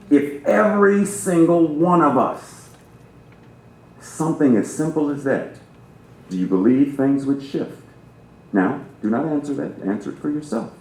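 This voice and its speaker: A man's voice: medium pitch, darkish tone. A man preaching as a guest minister, talking with theatrical emphasis and playing with how he phrases things. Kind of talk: sermon. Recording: roomy church reverb.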